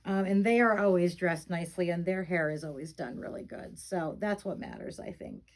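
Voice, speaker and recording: A woman's voice: lowish voice, moderate pace, rough recording. A middle-aged woman chatting casually in a vlog, venting her frustration between fond remarks about her dolls, rambling with lots of fillers. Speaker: reborn doll vlogger. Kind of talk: casual chat.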